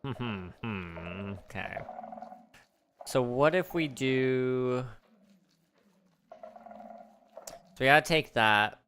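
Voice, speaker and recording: A man's voice: mid-range voice, expressive, very slow, long pauses, fairly bright tone, slight background noise. A man streaming a game, chatting casually with a rambling, morbid, joking manner and thinking aloud. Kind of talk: casual livestream chat while gaming.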